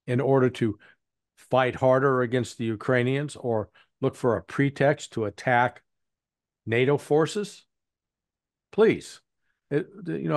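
A man's voice: medium pitch, no echo, studio quality. A man being interviewed as an analyst, speaking bluntly with a rambling, self-correcting flow. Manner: rambling, frequent restarts and fillers, blunt. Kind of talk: casual spoken commentary.

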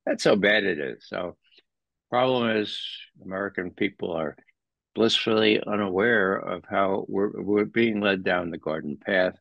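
Low gravelly man, dull dry recording. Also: measured pace, no echo. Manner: animated, sardonic, rises sharply in pitch for emphasis. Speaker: guest commentator. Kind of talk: conversational interview commentary.

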